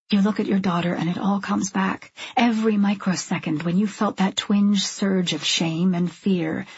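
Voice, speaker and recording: Breathy woman narrating a novel. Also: mid-range voice, dry recording, dull audio. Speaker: audiobook narrator. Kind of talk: scripted first-person narration.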